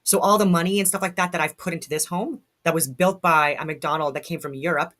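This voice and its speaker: A woman's voice: on the low side, fairly even intonation, fast, a bit bright. A woman vlogger at home giving blunt, fired-up commentary, swearing and rambling with restarts. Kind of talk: casual commentary to camera. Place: at home in a log house.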